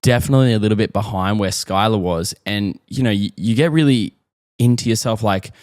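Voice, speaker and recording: A man's voice: on the low side, fairly quick, darkish tone, dry recording. An Australian man in his thirties, a father chatting casually and earnestly on a parenting podcast, rambling as he talks things through. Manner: rambling, earnest, self-questioning. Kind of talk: casual chat.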